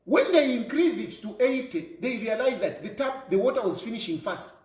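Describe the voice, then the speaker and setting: A man's voice: extremely high pitch, expressive, moderate pace, roomy sound. A Zambian man giving an impassioned political monologue, firing off repeated rhetorical questions and switching between English and a local language. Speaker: political commentator.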